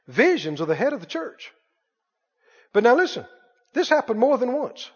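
A man preaching a sermon as pastor, emphatic and repetitive, swinging between loud bursts and quiet asides. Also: extremely high pitch, very animated, moderate pace, slightly rough. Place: church sanctuary. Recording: muffled church recording with long reverb.

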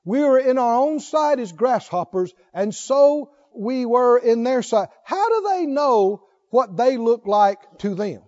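A man's voice: extremely high pitch, animated, a little slow, few pauses, a little mellow, lo-fi sound. A man preaching a sermon, reading scripture aloud and calling questions out to his congregation. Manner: calls out questions to the congregation, reads scripture aloud with rising fervor.

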